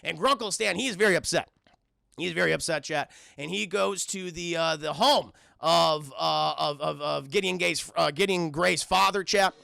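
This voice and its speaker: A man recapping a cartoon on a live stream, animated and always turning to his chat. His voice sits high and bright with a gravelly fry. It is recorded dry and close. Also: normal speed, no echo. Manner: animated, keeps addressing chat.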